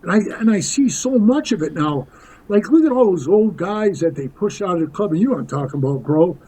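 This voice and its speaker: A man's voice: sits high, animated, a little fast, warm tone, husky, low-quality recording. A man in his sixties telling rambling, tough-talking stories as a podcast guest, calling the host "bro.". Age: 60s. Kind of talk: casual storytelling interview.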